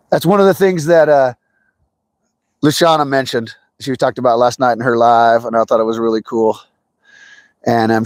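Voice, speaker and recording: A man's voice: medium pitch, no echo. A man hosting a fishing livestream outdoors, chatting casually with viewers and greeting them by name. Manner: chatty, greets viewers by name, excitable when a fish bites. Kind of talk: casual live chat while fishing. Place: outdoors by a trout stream.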